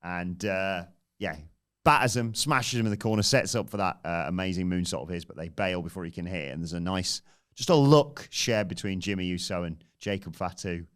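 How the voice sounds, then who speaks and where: A man, co-hosting a podcast and recapping events in a casual, animated way. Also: sits low, moderate pace, clear, resonant tone. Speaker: podcast co-host. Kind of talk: casual review chat.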